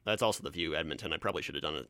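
A man's voice: rumbling low, rapid-fire, bright, forceful tone, clean tone, no echo. A Canadian man from Ontario hosting a solo podcast, rambling through tangents with frequent restarts and a slight stammer. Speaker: podcast host. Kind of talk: casual solo podcast chat.

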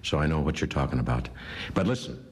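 A man in his fifties rambling through a comic cheer-up message, halting with mock earnestness. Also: very deep voice, expressive, husky. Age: 50s. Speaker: comedian. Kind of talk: comic recorded greeting.

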